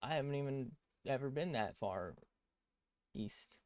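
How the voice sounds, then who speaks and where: A man's voice: medium pitch, animated, measured pace, a little mellow, dry recording, studio quality. A man chatting casually as an art streamer while drawing on a tablet, rambling, cutting himself off mid-sentence and swearing freely.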